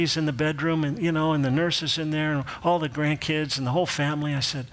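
Male pastor, middle-aged, preaching with lively storytelling, slightly higher-pitched voice, acts out the voices in his anecdotes. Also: brisk. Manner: animated storyteller, acts out quoted voices, laughs at his own jokes. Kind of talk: sermon with personal storytelling.

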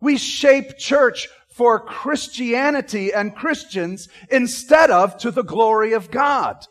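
A man preaches through a Bible chapter with lively energy, acting out scenes as he goes. He keeps turning to his listeners with questions. His voice sits high for a man. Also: slow pace. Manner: animated, acts out scenes; asks the audience questions. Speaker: Bible teacher. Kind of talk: sermon.

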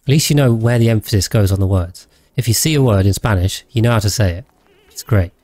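A man's voice: fairly low pitch, fast talker, a little mellow, dry recording. A man rambling casually as he streams a game, thinking aloud and thanking his viewers. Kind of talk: casual gameplay livestream chat.

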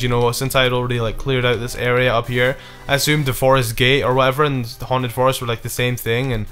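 A man's voice: mid-range voice, pushed and bright. A man commenting casually on his own gameplay, rambling, swearing often, and frustrated but apologetic. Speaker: let's play gamer.

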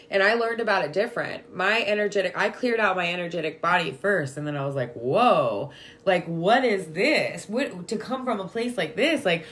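Chatty woman giving a spiritual pep talk. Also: on the low side. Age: adult with a young daughter. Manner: chatty, full of "like" and "right?", affectionate toward listeners. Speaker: spiritual vlogger. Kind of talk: casual spiritual talk to viewers.

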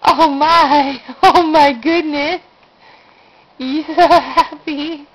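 A woman's voice: sits high, steady tone, extremely slow. A woman coaxing a baby in sing-song baby talk, heard on a dull home video recording. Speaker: parent talking to a baby.

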